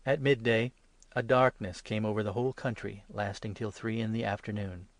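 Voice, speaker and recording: A man giving a measured, solemn scripted reading of scripture. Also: on the low side, steady tone, dry recording. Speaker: reader.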